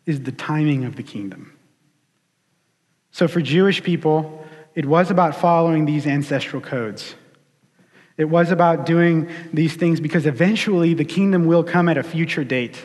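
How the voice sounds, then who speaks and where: A man preaching a sermon in a casual, animated storytelling way. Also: fairly high pitch, unhurried, long pauses. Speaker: pastor. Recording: long hall reverb.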